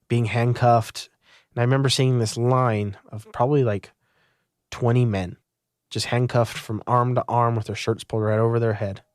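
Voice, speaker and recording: A man's voice: medium pitch, a little mellow, no echo, clean studio sound. A young man from Utah earnestly recounting his own story in an interview. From Utah, United States. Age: young adult.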